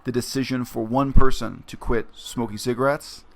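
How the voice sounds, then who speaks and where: A man talking through a story in a reflective, explanatory vlog monologue, with frequent pauses and fillers. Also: medium pitch, fairly even intonation, vocal fry. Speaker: vlogger. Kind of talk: casual spoken monologue.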